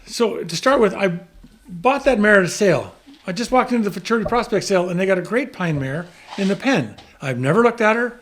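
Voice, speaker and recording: High-voiced man telling a story. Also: fairly quick. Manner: animated storyteller, acts out quoted voices, chuckles often. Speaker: guest. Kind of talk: casual storytelling chat.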